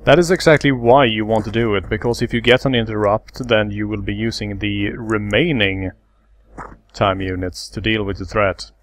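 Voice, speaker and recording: A man hosting a let's play, calmly explaining game mechanics step by step in casual commentary. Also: fairly low pitch, moderate pace, no room sound.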